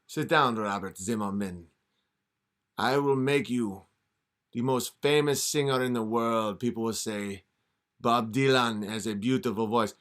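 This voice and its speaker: A man voicing a scheming male devil who offers deals, speaking slow, low and menacing. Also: a bit bright, lightly acted. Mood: sinister.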